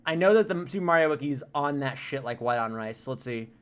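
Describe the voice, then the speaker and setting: A man's voice: mid-range voice, expressive, fast, clear, resonant tone. A young man streaming a game from home on a desk mic, chatting casually, joking and often going off on tangents, with keyboard typing now and then. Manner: chatty, joking, easily sidetracked. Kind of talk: casual live-stream commentary.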